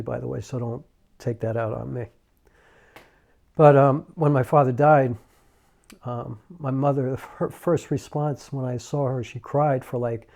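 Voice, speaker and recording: A man's voice: medium pitch, creaky, mellow. Reflective middle-aged man telling a story. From New York. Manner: halting and reflective, many pauses and fillers. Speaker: filmmaker and YouTuber. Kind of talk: casual personal storytelling to camera.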